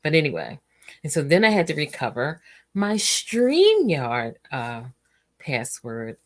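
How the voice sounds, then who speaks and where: Low-voiced woman rambling through a cozy stream. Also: wildly swooping pitch, measured pace. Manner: rambling and chatty, trails off with fillers. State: tired and yawning. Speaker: host of a relaxing stream. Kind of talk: casual livestream chat.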